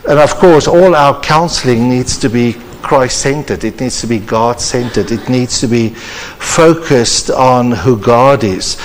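Male preacher, earnest and deliberate, reverberant church hall. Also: medium pitch, slight background noise. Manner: earnest, measured, preacherly emphasis. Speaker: conference speaker. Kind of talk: sermon.

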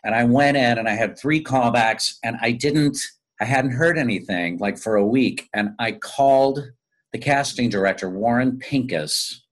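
Male actor guest, mid-pitched, lively anecdotal talker, laughs easily. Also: normal speed. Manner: animated, laughing, chatty anecdotes. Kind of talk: casual interview storytelling.

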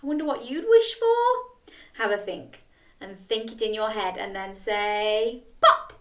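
Animated woman reading a children's story. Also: fairly high pitch, unhurried. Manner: animated, gasping, invites children to join in. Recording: roomy, from a distance.

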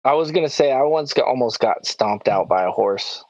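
A male podcast co-host telling a story in a casual chat, excitable and animated, with lots of "like" and "dude". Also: mid-range voice, normal speed, no room sound, highs cut off.

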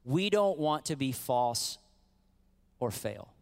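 A middle-aged man preaching a sermon as pastor, animated and conversational, acting out quotes and calling on the congregation. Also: medium pitch, slow, vocal fry.

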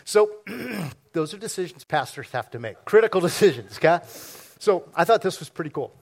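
A man's voice: high-pitched, creaky. A man preaching a sermon to his congregation, joking and quizzing the audience as he goes. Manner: joking, audience-engaging, fast and lively. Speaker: pastor. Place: church sanctuary before a congregation.

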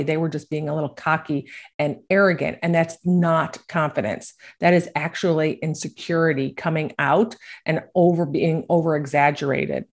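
A low-pitched middle-aged American woman speaks as a golf coach in an easy, conversational way. She keeps tagging her points with a quick "right?" and laughs lightly while telling her stories. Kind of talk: casual talk.

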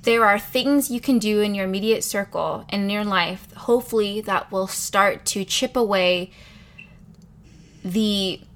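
A woman's voice: medium pitch, measured pace, a bit bright. A woman hosting a podcast in casual, giggly chat, a little tipsy and playful. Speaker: podcast host. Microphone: remote call.

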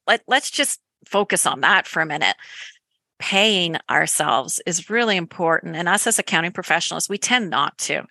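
A woman with a Canadian accent, an accounting practice owner speaking as a guest on a webinar panel in an animated, chatty way that breaks into laughs. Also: mid-range voice, dry recording.

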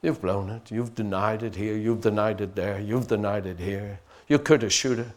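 A male preacher voicing the devil as an accusing, taunting spirit, in hushed, needling tones. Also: lowish voice, steady tone, moderate pace, pitched below the performer's own voice, lightly acted.

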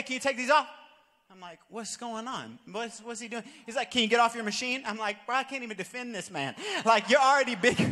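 A young pastor tells funny stories from the pulpit, then builds up to shouted calls to his listeners. His voice sits high and bright. It rings with the long echo of a big church hall. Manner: animated, jokey, builds to shouted exhortation. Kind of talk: sermon with storytelling. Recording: long reverb of a large hall.

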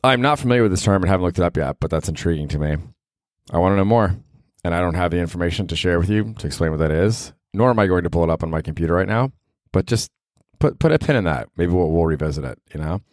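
A man's voice: low voice, animated, fast, a little mellow, dry recording, studio quality. A man from Cleveland, Ohio, hosting his own solo podcast in a rambling, self-deprecating way, swearing casually. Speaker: podcast host.

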